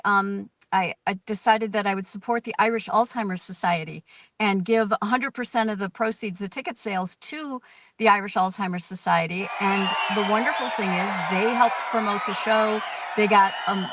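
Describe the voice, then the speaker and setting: An American woman telling lively, self-deprecating stories as the guest in an interview, speaking from a parked car. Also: mid-range voice, no room sound. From United States. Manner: animated, self-deprecating, storytelling. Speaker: guest performer. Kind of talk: casual interview.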